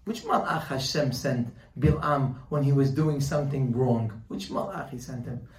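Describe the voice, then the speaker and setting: A man giving a Torah lesson, telling a story with lively quoted voices. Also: medium pitch, normal speed, roomy sound, far from the mic, poor audio. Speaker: Torah teacher. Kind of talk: sermon with storytelling.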